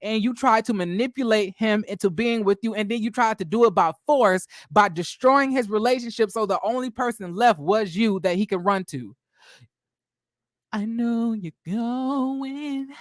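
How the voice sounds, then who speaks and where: A man's voice: high-pitched, dry recording, clean studio sound. Brash, profane gossip commentator man. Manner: brash, profane, theatrical, drawn-out exclamations. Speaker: commentary channel host.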